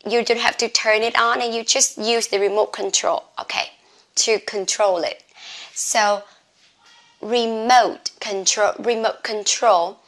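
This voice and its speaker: In a classroom with a board, a woman with a fairly bright, slightly high, steady voice teaches an English lesson. She goes slowly, spelling out words one letter at a time.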